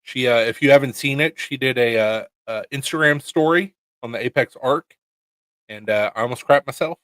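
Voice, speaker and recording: A man's voice: mid-range voice, normal speed, fairly bright tone, no echo. A man co-hosting a casual chat show, telling laid-back stories and swearing casually. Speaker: podcast co-host, knife maker.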